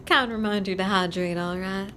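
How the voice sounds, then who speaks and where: Woman, texan accent, live-stream horror reading, chatty, laughs often, mid-pitched. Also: fairly bright tone, slight background noise. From Texas. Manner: chatty, laughs often, stumbles and repeats hard words.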